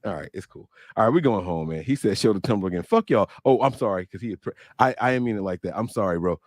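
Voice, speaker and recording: A man's voice: lowish voice, fast, no room sound. A man in his thirties, co-hosting a podcast in loose, joking, slangy chat. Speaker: podcast co-host. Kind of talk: casual livestream chat.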